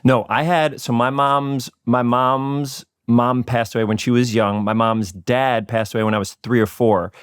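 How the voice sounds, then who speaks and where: A man's voice: medium pitch, steady tone, a little slow, hardly any pauses, clean tone, no room sound, studio quality. Playful, laughing man on a podcast. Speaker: podcast guest. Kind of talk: casual chat.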